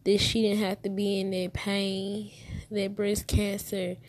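A woman's voice: mid-range voice, monotone, takes it slowly. A woman in her twenties telling a personal story to the camera, heartfelt and emotional, repeating herself as she holds back tears. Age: 20s.

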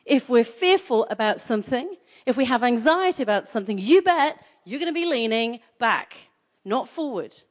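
A woman preaching a sermon in an energetic, conversational way, repeating phrases for emphasis. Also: on the high side, moderate pace.

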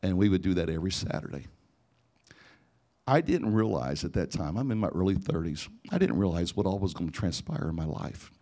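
A middle-aged man, a pastor, telling a personal story in an animated sermon before a live audience, sometimes rising to near-shouting. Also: sits low, brisk. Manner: animated, rising to near-shouting in emotional parts, frequent restarts. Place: church or conference hall before a live audience.

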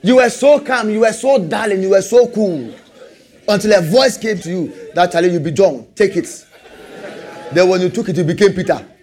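A man preaching a sermon, animated, repeating rhetorical questions and laughing often. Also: high voice, fairly quick, some chatter behind.

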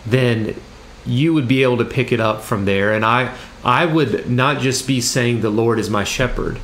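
Male pastor, mid-pitched, measured sermon reading with some halting restarts, faint room hum.

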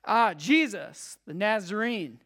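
A pastor preaching a sermon to a live congregation, emphatic and repetitive, swinging between loud cries and hushed low tones. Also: lively intonation, slow pace. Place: church service with a live congregation.

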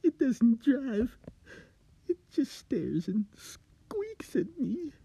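A man's voice: on the high side, expressive, slow, creaky, warm tone, husky, dry recording, pitched above the performer's own voice, heavily acted. A man voicing a frightened, giggling man haunted by something, in a spooky story, speaking in a panicky, manic rush. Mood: frantic. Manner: panicky, manic, breathless pleading.

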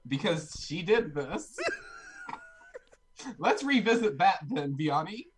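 A man's voice: high voice, sing-song, takes it slowly, a loud crowd. A man co-hosting a casual podcast, teasing and cutting in. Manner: teasing, interrupting. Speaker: podcast co-host. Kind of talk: casual chat.

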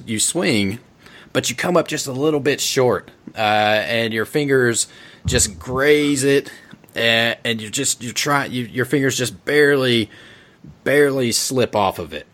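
A man narrating as game master in a tabletop game, relaxed and joking. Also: medium pitch.

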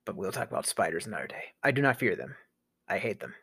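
A man rants in a comedic monologue, his pitch leaping and swooping as he piles on sarcastic disbelief. Now and then he sinks to a conspiratorial whisper to land a point. The recording is close and dry, with no room sound. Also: sing-song, fast, slightly rough, no echo. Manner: exasperated, sarcastic ranting with mock disbelief; drops into a hushed whisper for emphasis. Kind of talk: scripted comedic rant.

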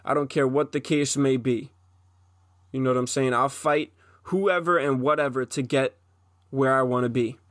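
A man's voice: medium pitch, fairly even intonation, moderate pace, no echo, studio quality. A man in his twenties gives an intense, profane solo monologue as a podcast host, often restarting his sentences.

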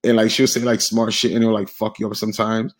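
A man's voice: on the low side, level tone, quick pace. A young man, co-hosting a casual couple's podcast, slangy and laughing often. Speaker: podcast co-host.

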